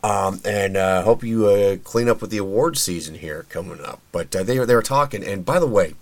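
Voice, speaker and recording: A man's voice: on the low side, normal speed. A man hosting a podcast in a casual solo commentary, chatty and opinionated, with plenty of fillers and restarts. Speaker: podcast host.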